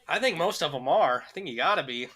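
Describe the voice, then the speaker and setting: A man's voice: fairly high pitch, lively intonation, quick pace, sharp tone. A man co-hosting a podcast, rambling through crude jokes with lots of swearing. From United States. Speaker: podcast co-host. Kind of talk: casual comedic chat.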